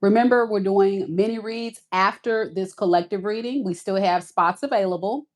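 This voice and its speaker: A woman's voice: medium pitch, normal speed. A woman hosting a tarot live stream, talking to viewers in a folksy, casual way and calling them y'all.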